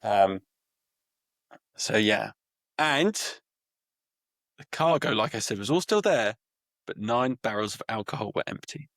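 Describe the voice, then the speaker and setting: Man, somewhat low voice, inquisitive podcast co-host, dry recording. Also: expressive, unhurried, pauses often, a bit bright, dry recording. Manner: explains facts, presses with questions. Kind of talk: casual chat.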